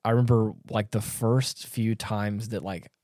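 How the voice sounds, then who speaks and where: A man's voice: fairly low pitch, fairly even intonation, measured pace, mellow, dry recording, studio quality. A man co-hosting a podcast, chatting casually, rambling with many stammered restarts and frequent laughs. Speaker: podcast co-host. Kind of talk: casual chat.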